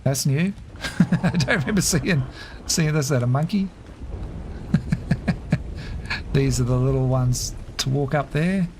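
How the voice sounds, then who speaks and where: A middle-aged man, casually commentating a game on a live stream, chatty and quick to laugh as he thinks aloud. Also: medium pitch, slight background noise.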